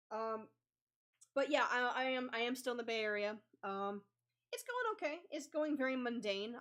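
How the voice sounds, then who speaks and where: A woman's voice: medium pitch, a bit bright. Rambling young woman telling a story. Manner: rambling, lots of ums and likes. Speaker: comic artist vlogger. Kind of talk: casual storytelling while drawing.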